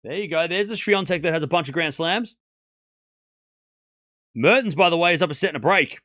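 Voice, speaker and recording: A man hosting a live tennis watchalong, his voice pitched a little high and strongly bright. He shouts out the big shots, then turns to his chat with playful teasing. The sound is close and dry. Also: a little fast, no room sound. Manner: excited call-outs of play, then chatty asides to chat; teasing, mock-comforting viewers. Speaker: streamer commentating a tennis match.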